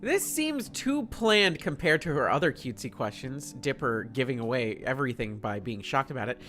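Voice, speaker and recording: Narrator, playful story reading, lively pitch. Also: normal speed, faint music behind. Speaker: narrator and streamer. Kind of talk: reading a fan story aloud.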